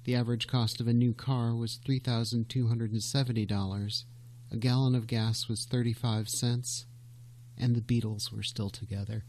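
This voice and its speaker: Man reading a measured documentary narration. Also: medium pitch, level tone, a little mellow.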